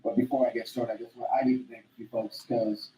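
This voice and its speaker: A man giving a halting, measured speech at a public event, thanking officials. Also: medium pitch, level tone, mellow. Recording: distant echoey room recording with faint noise.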